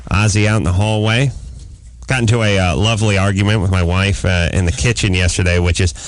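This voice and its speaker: A middle-aged man hosting a radio talk show, telling a comic story as an animated rant with sudden shouted outbursts. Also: low voice, a little fast, dry recording. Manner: animated ranting anecdote with shouted quoted outbursts. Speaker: host. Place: radio studio. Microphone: studio microphone.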